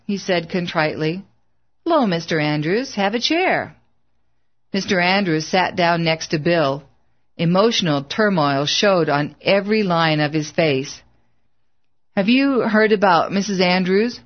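A woman's voice: fairly low pitch, measured pace. A woman reading a story aloud as narrator, giving the characters' lines with light voicing. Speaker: audiobook narrator. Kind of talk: scripted narration. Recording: dull lo-fi recording.

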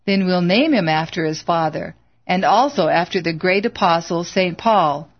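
A woman voicing a young husband who is gentle and playful, in a slightly dull lo-fi recording. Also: on the low side, moderate pace. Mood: teasing. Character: hearty young husband, joking and tender.

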